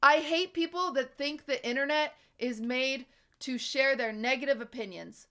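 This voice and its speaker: A young woman streaming live, her voice high and bright as she rants at her chat. She sounds exasperated and swears freely, pressing each point with emphatic repetition. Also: normal speed.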